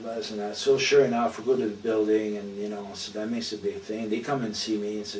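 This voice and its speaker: A man's voice: lowish voice, steady tone, quick pace, hardly any pauses, a little mellow, a little hiss or hum. An older man telling blunt, profane wrestling stories in a shoot interview, leaning on "you know" throughout. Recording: echoey room, mic from a distance.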